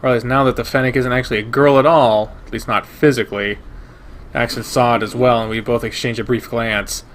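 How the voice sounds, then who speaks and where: A man reading a visual novel aloud in first person, steady and measured. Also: medium pitch, a little hiss or hum. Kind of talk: first-person narration of a game.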